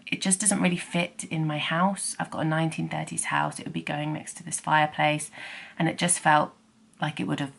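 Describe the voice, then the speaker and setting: Low gravelly woman in her thirties. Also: flat delivery, fairly quick. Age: 30s. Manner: chatty, self-deprecating, drops to whispers at times. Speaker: vlogger. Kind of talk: casual vlog chat. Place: home.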